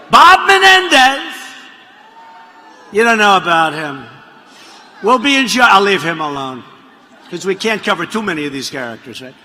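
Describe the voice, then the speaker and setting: Male rally speaker: high, very animated, mocking and rambling, with long reverb from a big hall. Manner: rambling, mocking, repetitive asides. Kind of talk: rally speech. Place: large rally venue.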